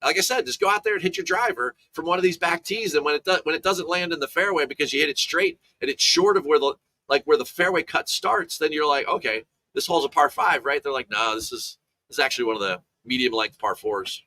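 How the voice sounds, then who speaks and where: A man with a bright, forceful voice talks through golf betting picks in a loose, casual chat. He rambles into side stories, restarting sentences and piling on asides as he goes. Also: fairly high pitch, quick pace.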